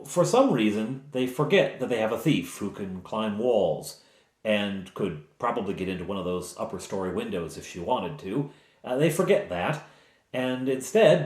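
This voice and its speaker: A man at a middling pitch, recounting a tabletop game session as its game master. He wanders into explanations and asides in a casual, chatty way. The recording has a roomy echo around his voice. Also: a little mellow.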